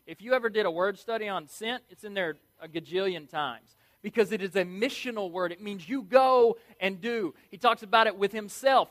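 Male preacher, high-pitched, energetic and emphatic with playful asides. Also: brisk, hardly any pauses. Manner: energetic, emphatic, playful, repeats key words. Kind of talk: sermon.

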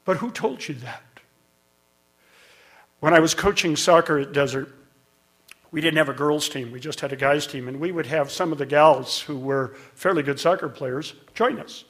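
A man's voice: fairly high pitch, moderate pace, a bit bright. A middle-aged man preaching a sermon, telling a story in a conversational way and building to emphatic peaks. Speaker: pastor.

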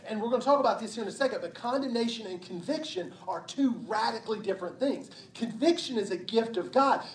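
A pastor delivers a sermon in a conversational, emphatic way and keeps checking in with the listeners. The voice carries through a roomy church and is picked up from some distance. A faint background hum is present. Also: mid-range voice. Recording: roomy hall sound from a distance.

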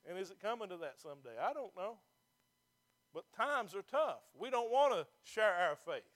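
A man with a notably high voice delivers a sermon as pastor. He preaches with emphasis, pressing the congregation with rhetorical questions. He is speaking to people seated in a church. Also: big pitch swings, moderate pace, a bit bright.

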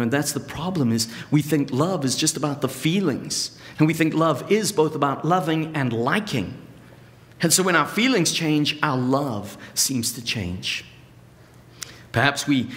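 A middle-aged male pastor preaching in an earnest, conversational way. His voice sits a little high for a man, and he stretches out the important words with long pauses. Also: fairly bright tone. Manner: earnest, pausing for emphasis, slowing on key phrases. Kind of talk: sermon.

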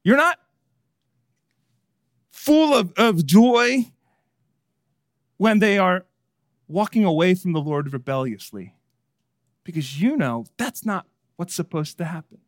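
A man preaching a sermon, swinging between hushed and emphatic delivery. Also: high-pitched, animated, slow, long pauses, dry recording, clean studio sound. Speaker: pastor.

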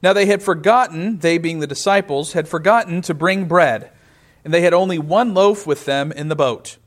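A man's voice: a little high, moderate pace. A man preaching a sermon, reading scripture aloud and explaining it with rhetorical questions.

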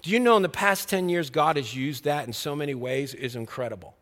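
A man with a high voice preaching a sermon, telling his own story and acting out the dialogue. He turns earnest and drops quiet on the words that matter. His voice rings with the long reverb of a big hall. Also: a little fast. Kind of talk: sermon with personal testimony.

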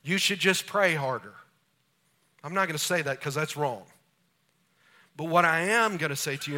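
A man preaching with a bright, forward tone and a pitch sitting a little above typical. His delivery is animated, and he slips into small acted-out scenes to illustrate his points. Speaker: pastor. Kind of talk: sermon.

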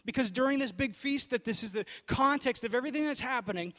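A young male pastor preaching a sermon with a notably high voice. He tells the story casually, like talking to friends, and swings from raised stretches down to hushed, quiet moments. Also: fast talker.

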